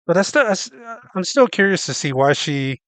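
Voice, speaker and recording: A man's voice: high-pitched, sing-song, fairly quick, a bit bright, no room sound. A man commenting bluntly on a video he is watching, swearing and sounding incredulous. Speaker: streamer reacting to a video. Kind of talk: casual reaction commentary.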